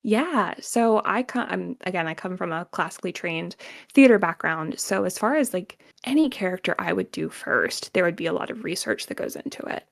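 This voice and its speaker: A woman's voice: fairly low pitch, expressive, moderate pace, vocal fry. A woman voice actor chatting casually as a guest in an interview, laughing often and filling her talk with "like".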